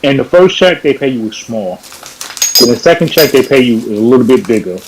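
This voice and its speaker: A man's voice: mid-range voice, expressive, fairly quick, a little hiss or hum, rough recording. A man from New York on a video call, telling a story in a casual panel chat and correcting himself as he goes. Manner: rambling, self-correcting storyteller.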